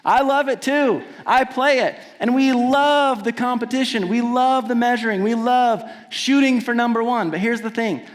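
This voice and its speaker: A man's voice: very high-pitched, normal speed, hardly any pauses. A man from Washington telling stories on a theater stage in a conversational, playful way that builds to emphatic points. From Washington, USA. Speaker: singer-songwriter telling stories between songs. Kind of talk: live stage storytelling. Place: theater stage before an audience.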